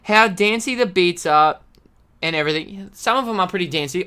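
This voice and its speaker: A woman's voice: on the low side, normal speed, long pauses, a bit bright, clear, resonant tone. A woman streamer ranting aggressively with lots of swearing and exasperated outbursts. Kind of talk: profane ranting commentary.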